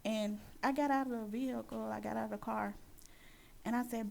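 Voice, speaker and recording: A woman sharing her Christian testimony as a personal story. She talks earnestly and haltingly, with many fillers and restarts. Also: on the high side, fairly even intonation, gravelly, a little mellow.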